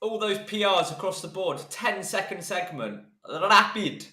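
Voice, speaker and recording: Man, bright voice, jokey quips, echoey room. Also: high voice, normal speed. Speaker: co-commentator. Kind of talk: casual live race commentary.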